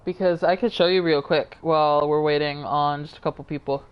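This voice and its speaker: A woman's voice: deep voice, steady tone, fairly quick, clear, resonant tone, highs cut off. A tired woman streamer chatting casually and rambling to her viewers while she plays a game. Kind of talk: casual live-stream chat.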